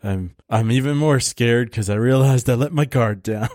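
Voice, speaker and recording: A man's voice: mid-range voice, normal speed, a little mellow, no echo, clean studio sound. A man co-hosting a casual podcast chat, easygoing and joking, rambling through plot summaries. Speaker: podcast co-host reviewing movies.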